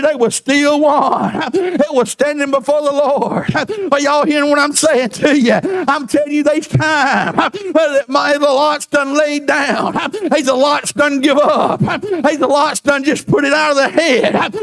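A preacher man delivers a fervent sermon, his voice pitched very high with a gravelly rasp. He shouts and slips into sung cadences as he drives each point home in the church. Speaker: pastor.

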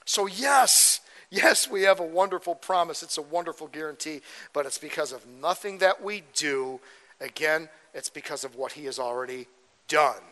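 A man's voice: on the high side, animated, normal speed, pushed and bright, big-room sound. A man preaching a verse-by-verse sermon as pastor, conversational, often checking in with "okay?" and "right?". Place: church sanctuary.

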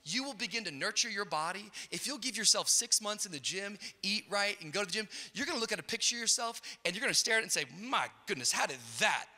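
A middle-aged man preaching a sermon, telling a funny story in a storyteller's way and building up to shouted peaks. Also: high-pitched, fast talker, hardly any pauses. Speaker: pastor. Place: large church auditorium. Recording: hall reverb.

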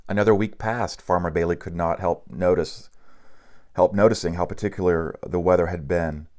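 A man reading a picture book aloud in a steady, unhurried way, with small slips and restarts. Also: low-pitched. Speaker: narrator.

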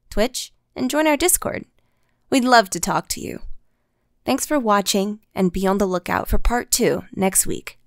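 A woman host signs off in a friendly, upbeat way. Her voice is plain, with mid pitch, recorded dry and close. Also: no echo. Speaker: channel host. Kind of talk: scripted outro.

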